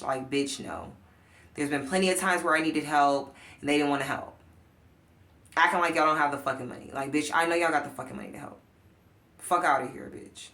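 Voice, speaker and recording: A woman who works as a life coach rants in a casual vlog, blunt and profane, lurching between loud outbursts and low muttering as she makes her points emphatically.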